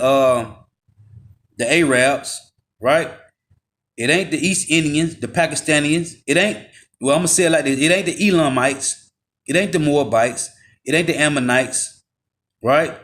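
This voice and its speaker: Brief: male street preacher, a touch higher than average, fiery and confrontational, slows for scripture readings. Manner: forceful and confrontational, drops low on tag words, slows to read scripture.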